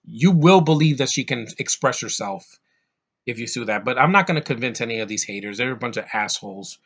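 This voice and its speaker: A man's voice: mid-range voice, lively intonation, a little fast, fairly bright tone, highs cut off. Profane, rambling man ranting about movies. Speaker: movie review vlogger. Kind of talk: casual ranting movie review.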